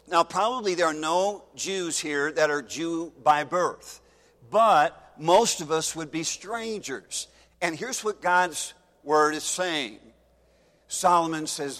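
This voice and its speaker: A man's voice: a little high, slow, fairly bright tone, big-room sound. A man preaching a sermon, reading scripture aloud and pressing his points with emphasis. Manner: emphatic, reads scripture aloud in King James wording.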